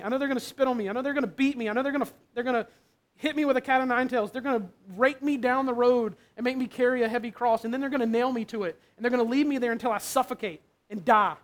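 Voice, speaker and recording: An agitated, high-pitched man pleads desperately in prayer, as a preacher acts him out. The tone is raw and anguished throughout. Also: steady tone, fast talker. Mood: anguished pleading.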